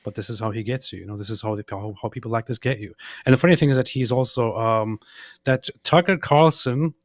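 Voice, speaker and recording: A man's voice: medium pitch, quick pace, dry recording, studio quality. A man co-hosting a casual commentary show, reacting bluntly to a clip. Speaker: co-host.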